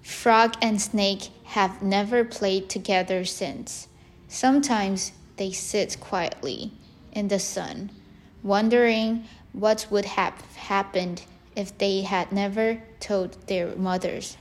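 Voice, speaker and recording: A woman reads a children's story aloud, gently and with great care. She takes her time over every phrase, keeping her pitch mid-range and even. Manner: slow, gentle, careful reading.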